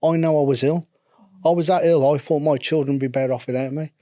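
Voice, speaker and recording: A man's voice: fairly high pitch, fairly even intonation, quick pace, dark tone, no echo, studio quality. A middle-aged man with a local English regional accent, speaking candidly and at length as a podcast guest and mental health instructor. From England. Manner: rambling, earnest, self-deprecating.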